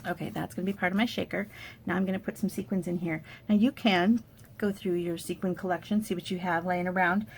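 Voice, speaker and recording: A woman's voice: fairly low pitch, fairly even intonation, a little fast, gravelly, slight background noise. A woman demonstrating a paper craft project, chatting in an upbeat way as she walks through supplies and steps. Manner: upbeat, chatty product walkthrough. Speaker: card-making demonstrator. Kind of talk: casual crafting tutorial.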